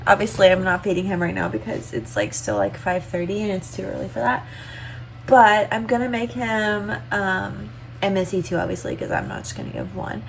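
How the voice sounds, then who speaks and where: A woman's voice: medium pitch, lively intonation, moderate pace, gravelly, slight background noise. Chatty woman in her twenties. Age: 20s. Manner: chatty, filler-heavy, emotional storytelling. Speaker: vlogger. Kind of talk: casual vlog chat. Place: home kitchen. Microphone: camera on tripod.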